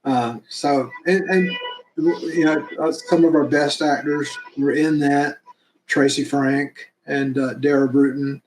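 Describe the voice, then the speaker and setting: In a casual interview, a man talks enthusiastically about producing his fan film episodes, rambling and laughing now and then. His mid-range voice is steady and slow, and the recording has a roomy echo plus a little hiss or hum.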